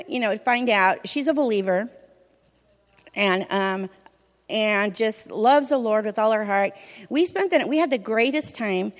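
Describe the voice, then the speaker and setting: A woman from a church sharing her testimony in a conversational, expressive way, often saying "you know". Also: mid-range voice. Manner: fills speech with "you know", vivid and expressive. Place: church hall. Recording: reverberant hall.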